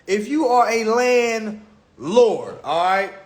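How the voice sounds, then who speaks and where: With a high, animated voice and a slow delivery, a male host lectures his phone livestream audience. The casual rant is profane and mocking, and he repeats himself often.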